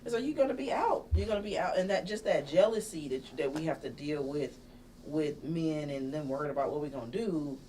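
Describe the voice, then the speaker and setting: A woman's voice: sits low, lively intonation, fairly quick, warm tone, recorded from a distance, a little hiss or hum. A woman comedian in her forties, telling stories in loose casual chat. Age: 40s. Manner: storytelling, loose, trails off. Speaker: comedian guest.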